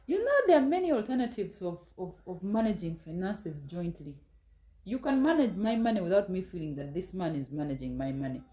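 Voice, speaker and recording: A woman gives a scolding motivational talk in a warm, mellow voice. She talks straight at her listeners, reproving them and pressing pointed rhetorical questions. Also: fairly low pitch, lively intonation, a little fast, rough recording.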